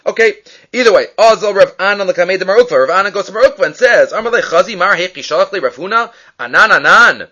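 A man giving a daily Talmud lesson, reading Aramaic text aloud and explaining it in English with lively questions. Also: high voice, fast. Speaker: Talmud teacher. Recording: dull lo-fi recording.

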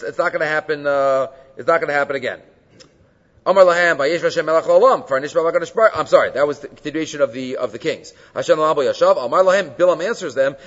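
Male Talmud teacher, slightly higher voice, explanatory lecture style mixing Hebrew terms into English, dull lo-fi recording. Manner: explains texts, frequent rhetorical "right?". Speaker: Torah teacher. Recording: dull lo-fi sound with long hall reverb.

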